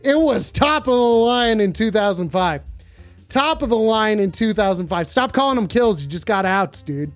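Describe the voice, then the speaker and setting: A live-stream host in their thirties taking phone calls, talking in a loud, profane, casual way and often bursting into shouts. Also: medium pitch, moderate pace. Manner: excitable, swears constantly, bursts into shouting.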